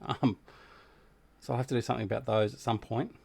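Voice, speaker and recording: A man's voice: mid-range voice, fairly even intonation, fairly quick, vocal fry, a little mellow, breathy edge. An Australian man chatting casually with viewers while hosting a gaming livestream, greeting people by name and joking about himself. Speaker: livestream host.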